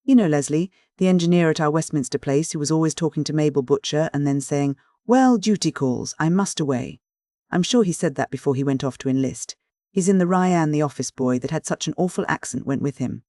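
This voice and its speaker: A reader voicing an eager young wife who talks in a chatty, quick way in an audiobook. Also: female voice, sits low, mellow, no room sound, clean studio sound, natural voice. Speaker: character in an audiobook. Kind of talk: audiobook reading.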